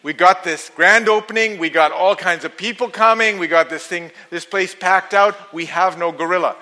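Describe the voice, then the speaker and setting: A man's voice: sits high, normal speed, sharp tone, low-quality recording. A man voicing a worried middle-aged zookeeper who explains things plainly and a bit hesitantly. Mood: matter-of-fact.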